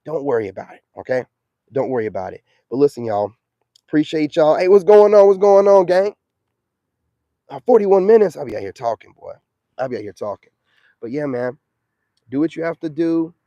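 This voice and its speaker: A man talking on his own live stream in a casual, slangy way. He preaches with emphasis, in a slightly high voice with a mellow, warm tone. The sound is dry and close. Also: expressive, normal speed, pauses often, dry recording, muffled recording.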